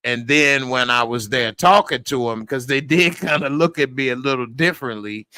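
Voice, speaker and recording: A man's voice: medium pitch, sharp tone, clear, resonant tone, dry recording. A man reviewing a TV show in a rambling, jokey casual chat. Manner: rambling, jokey, breaks into impressions.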